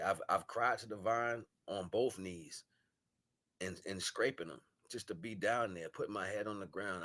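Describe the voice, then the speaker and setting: On a livestream, a male host with a low, husky voice delivers a spiritual monologue through a live stream microphone. He moves between solemn murmuring, loud scolding, and slangy, laughing banter with his viewers.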